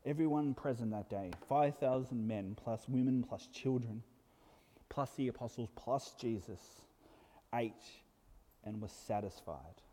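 A man preaching a sermon in an earnest way, building to emphatic peaks and dropping to soft asides. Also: medium pitch, measured pace. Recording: long hall reverb.

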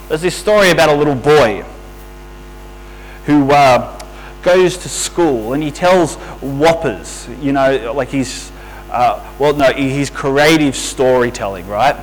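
Lively, high-voiced male preacher. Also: poor audio. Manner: conversational, asks the listeners rhetorical questions. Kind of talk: sermon. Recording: faint mains hum.

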